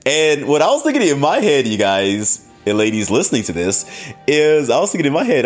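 A man's voice: mid-range voice, sing-song, normal speed, soft background music. A man hosting a podcast, telling a story casually, laughing often and swearing freely. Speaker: podcast host.

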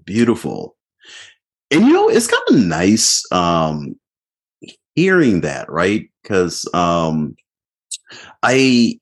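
A man with a low, husky voice hosts a loose, casual podcast chat. His pitch swings widely as he talks, and he keeps breaking into chuckles and fillers. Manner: laid-back, chuckling, full of fillers. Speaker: podcast host.

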